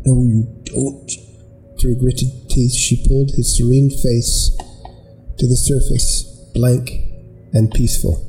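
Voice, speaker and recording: A man narrating a scripted story in a measured, unhurried way. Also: medium pitch, warm tone, low-quality recording.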